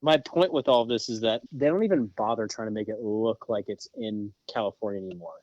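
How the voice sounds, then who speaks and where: A man's voice: fairly low pitch, a little fast, a little mellow, no room sound, highs cut off. A man co-hosting a podcast, griping about a film in an exasperated, sarcastic way. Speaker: podcast co-host. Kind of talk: casual movie review chat.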